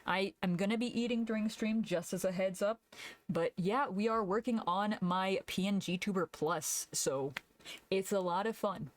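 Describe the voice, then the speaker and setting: A young woman chats casually on a live stream as she draws. She laughs easily and talks back to her chat in a relaxed, rambling way. Her voice sits at a middle pitch and sounds dry and close, with no room echo. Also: moderate pace. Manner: chatty, laughs often, answers chat aloud.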